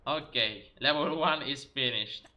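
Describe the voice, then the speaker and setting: Bright-voiced male game streamer. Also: mid-range voice, unhurried. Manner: chatty, exclaiming at the game, talking to chat. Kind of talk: live game stream commentary.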